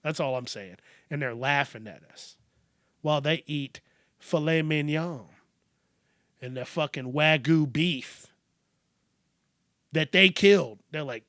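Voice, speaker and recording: A man's voice: fairly high pitch, unhurried, long pauses, fairly bright tone, dry recording, studio quality. A man hosting a comedic news podcast, ranting in a profane, rambling, sarcastic way. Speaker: podcast host.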